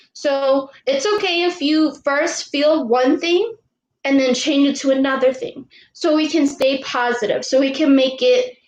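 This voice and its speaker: A high-voiced woman coach leads a live online lesson for girls. She talks slowly and patiently, repeating her questions and cheering the kids on. The room around her is echoey. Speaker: youth sports coach.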